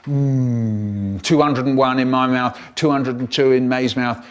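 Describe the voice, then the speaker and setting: A man performing a childhood story in an expressive, theatrical way, with acted-out voices. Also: medium pitch, a little slow.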